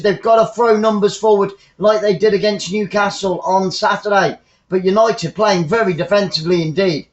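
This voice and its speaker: A man's voice: sits high, a little fast. A man giving chatty live football fan commentary, reading out viewer comments as play goes on. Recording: roomy, dull lo-fi sound.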